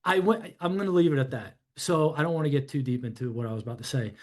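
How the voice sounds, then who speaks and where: A man's voice: medium pitch, quick pace, darkish tone. A man in his fifties from New York, telling his life story to a podcast host in a rambling, reflective way, with plenty of "you know" and "I'm like.". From New York, USA. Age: 50s. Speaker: podcast guest. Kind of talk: candid personal storytelling in conversation.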